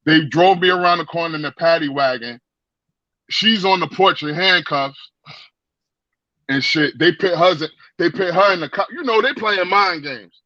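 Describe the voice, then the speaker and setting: A man telling a story in a casual chat, animated and profane, with lots of stammered restarts, on dry lo-fi stream audio. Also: fairly high pitch, moderate pace, dry recording. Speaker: guest.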